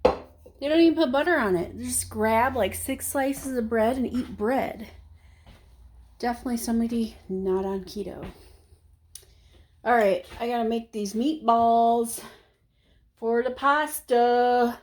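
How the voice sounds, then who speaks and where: A woman's voice: fairly high pitch, a little slow, long pauses, darkish tone, slight background noise. A young woman rambling casually to the camera while she cooks, a little out of breath. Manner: rambling, chatty, self-talking while cooking. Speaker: vlogger. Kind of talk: casual cooking vlog chat.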